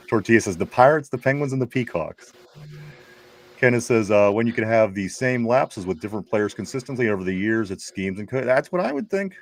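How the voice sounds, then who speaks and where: A man's voice: fairly low pitch, animated, a little fast. A man hosting a casual sports talk show, reading viewer comments aloud in a chatty way with frequent restarts. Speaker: podcast host.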